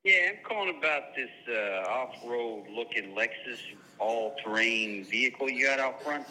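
A man's voice: medium pitch, expressive, unhurried, bright, forceful tone. A man putting on a New York accent to play a used-car dealer, heard as a phone voicemail. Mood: wheeling-dealing. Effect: played back phone voicemail. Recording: echoey voicemail played in a hall.

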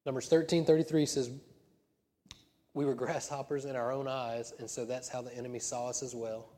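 Man preaching a sermon, dark and roomy. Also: mid-range voice, steady tone, fairly quick. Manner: conversational preaching with laughs and rising emphatic peaks. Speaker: senior pastor. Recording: long hall reverb.

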